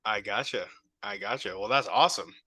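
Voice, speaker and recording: A man's voice: on the low side, fairly quick, sharp tone, husky, no echo. A young man hosting a podcast, opening the episode and interviewing his guest in an upbeat, friendly way. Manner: upbeat and friendly, speaks in short affirmations. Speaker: podcast host.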